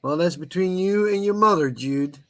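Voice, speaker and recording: A man's voice: high voice, moderate pace. A man in casual livestream chat, joking in a laid-back way.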